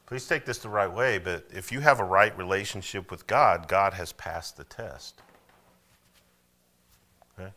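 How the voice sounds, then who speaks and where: A man's voice: deep voice, unhurried, pauses often, bright, forceful tone. A man preaching a sermon as pastor, conversational, often checking in with "okay?". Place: church.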